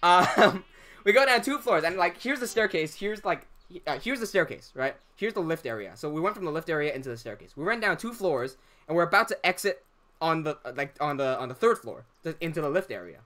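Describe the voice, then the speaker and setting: A young man hosting a livestream, casually telling an animated story, laughing often and swearing freely. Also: on the high side, fairly quick. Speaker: livestream host.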